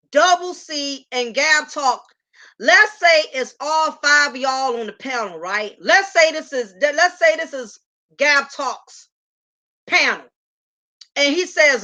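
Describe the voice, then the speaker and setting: A woman's voice: sits high, pushed and bright. A woman hosting a casual commentary, talking emphatically, repeating herself and calling on viewers by name. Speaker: commentary channel host.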